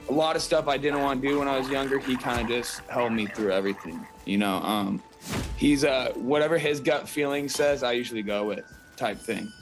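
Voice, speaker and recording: A young man with a Northern California accent, a fighter being interviewed, talking in a relaxed, slangy way with lots of fillers. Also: medium pitch, poor audio. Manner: laid-back, slangy, rambling with fillers. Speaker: fighter, guest. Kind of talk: casual interview.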